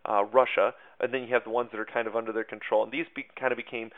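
A man's voice: mid-range voice, flat delivery, fast talker. Male teacher, casual lecture style with filler words and wry asides; thin, phone-like recording. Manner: chatty, self-mocking asides, many fillers. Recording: tinny phone-like sound.

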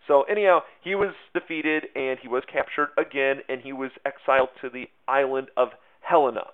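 Man teaching history, chatty and loose with lots of fillers, middle pitch, tinny narrow audio. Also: fairly quick, few pauses. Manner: loose and conversational, many fillers and hedges. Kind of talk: casual history lesson. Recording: tinny phone-like sound.

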